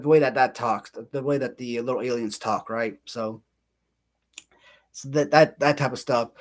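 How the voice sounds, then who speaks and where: Man, thirties, channel host, casual livestream chat, rambling, self-mocking, laughs a lot. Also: mid-range voice.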